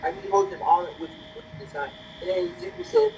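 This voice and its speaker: Lively co-storyteller, voice swooping wildly up and down, keeps asking "right?", faint noise behind. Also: brisk, low-quality recording. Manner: animated, pitch jumping high when voicing characters, frequent "right?". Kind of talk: casual improvised storytelling.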